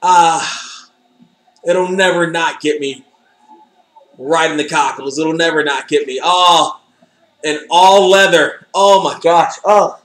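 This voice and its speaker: Man, fairly high voice, sarcastic, joking, swears a lot, echoey room. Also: slow, pauses often, a bit bright. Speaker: commentator watching wrestling footage. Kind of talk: casual reaction commentary.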